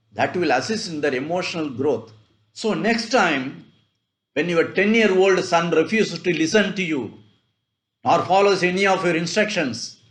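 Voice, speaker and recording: A man hosting a weekly advice show, delivering a scripted motivational talk in measured, deliberate short phrases. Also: high-pitched, roomy sound.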